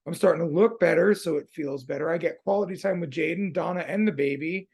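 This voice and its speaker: A man's voice: on the high side, fast talker, creaky, darkish tone, breathy edge. A man hosting a podcast in casual conversation, laid-back and slangy, swearing freely. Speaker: podcast host.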